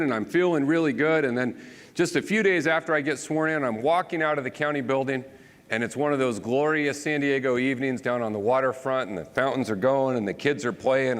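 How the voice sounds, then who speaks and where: A man, a county supervisor giving an animated storytelling talk with self-deprecating humor. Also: medium pitch. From rural American South. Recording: reverberant hall.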